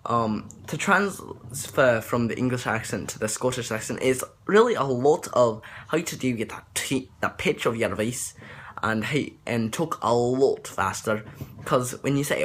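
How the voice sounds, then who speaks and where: A young man talks slowly through a casual accent tutorial, stopping often on ums and restarting his sentences. A faint hiss sits under his voice. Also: mid-range voice, lively intonation. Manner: rambling, hesitant, many ums and restarts.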